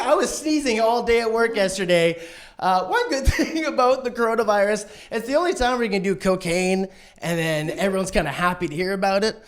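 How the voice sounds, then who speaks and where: A man doing a stand-up set, manic and swearing, who acts out other people's lines in a shrill voice. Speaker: stand-up comedian. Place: online streamed show.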